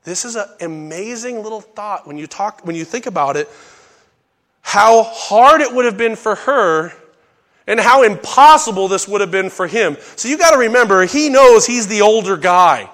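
A middle-aged male preacher with a fairly high voice teaches scripture in a relaxed, conversational way. He slips into folksy asides, then jumps into loud bursts when he acts out a line. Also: normal speed. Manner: animated, acts out characters' lines in sudden loud bursts. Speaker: pastor teaching a Bible study. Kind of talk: sermon.

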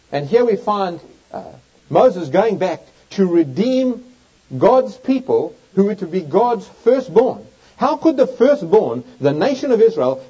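A man's voice: high voice, warm tone. A man preaching a Bible teaching sermon, reading scripture aloud with emphatic, swooping delivery. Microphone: overhead projector in use, lecture setting. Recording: dull lo-fi recording.

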